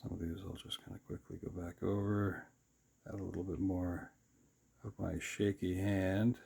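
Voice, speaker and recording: A man hosting his sketchbook channel, casually narrating while he draws, relaxed with self-deprecating asides. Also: deep voice, normal speed, creaky, husky.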